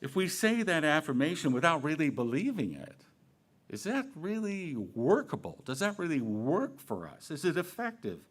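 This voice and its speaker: A man giving a Sunday talk in a relaxed, conversational way, with playful asides and questions to himself. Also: on the high side, normal speed. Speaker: minister. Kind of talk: sermon.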